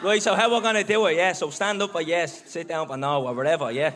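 A man's voice: on the high side, steady tone, fast talker, a bit bright. An Irish man co-hosting a live podcast, telling joking anecdotes with swearing. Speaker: podcast co-host. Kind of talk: live podcast banter with audience. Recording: live show with crowd and noise.

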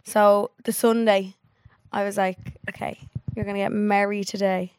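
A young woman co-hosting a podcast, telling animated stories and swearing casually in casual chat. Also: mid-range voice, moderate pace, smooth, no room sound. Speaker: podcast co-host.

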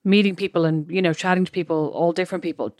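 A woman's voice: lowish voice, steady tone, quick pace, darkish tone, dry recording, studio quality. An Irish woman co-hosting a podcast, chatting casually and rambling through personal anecdotes. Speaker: podcast co-host. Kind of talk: casual chat.

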